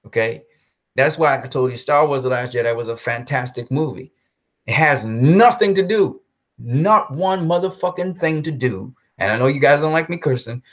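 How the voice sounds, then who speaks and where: A man delivering a blunt, profane movie-commentary rant, repeating himself for emphasis. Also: fairly high pitch. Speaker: commentary host. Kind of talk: ranting film commentary vlog.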